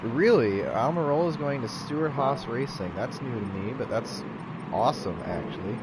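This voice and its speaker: A man's voice: medium pitch, moderate pace, background noise. Chatty man streaming a racing game. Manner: chatty, rambling, with bursts of excited race calls. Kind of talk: casual livestream chat with race commentary. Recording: game sound in the background.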